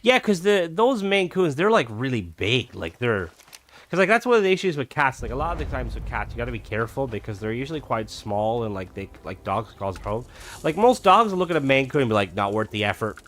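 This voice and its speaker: A man's voice: medium pitch, very animated, fairly quick, a bit bright, slight background noise. A young man chatting casually while he streams a game, rambling with lots of fillers. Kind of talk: casual gameplay chat.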